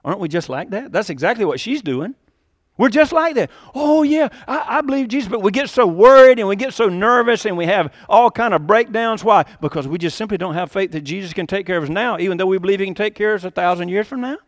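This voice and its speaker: A man preaching with a high, bright voice that leaps up for quoted lines and sinks low for quiet points. The delivery is animated and conversational, with a dry, close sound and no room echo. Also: fast. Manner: animated preaching, acting out quotes with sudden rises and drops. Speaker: pastor. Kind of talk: sermon.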